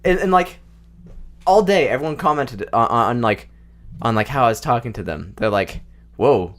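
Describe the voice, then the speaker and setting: Lively young man laughing on a podcast. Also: mid-range voice, moderate pace. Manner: laughs a lot, stammers and restarts. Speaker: podcast co-host. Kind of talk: casual chat. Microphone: close microphone.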